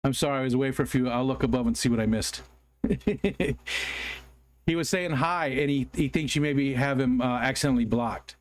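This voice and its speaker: A man from the United States chats on a casual livestream and reads comments from his viewers out loud. He speaks at medium pitch and moderate pace, rambling apologetically with plenty of ums and restarts.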